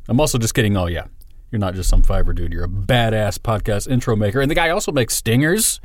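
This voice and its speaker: A man's voice: lowish voice, darkish tone, dry recording, clean studio sound. A man hosting a solo podcast in a rambling, profane, self-deprecating monologue. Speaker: podcast host.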